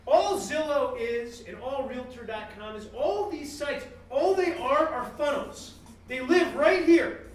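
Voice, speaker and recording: High-voiced man giving an animated keynote. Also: slight background noise. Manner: animated, joking, acts out customer exchanges in quoted voices. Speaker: guest speaker at a business talk series. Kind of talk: motivational business keynote. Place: event room with a live audience. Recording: echoey room, mic at a distance.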